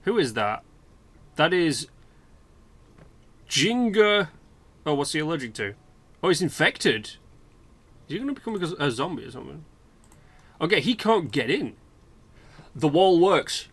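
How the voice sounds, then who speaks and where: Rambling, swearing British gamer. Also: male voice, mid-range voice, animated, moderate pace, pauses often. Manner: rambling, chatty, swears freely. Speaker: let's play host. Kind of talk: casual gameplay commentary.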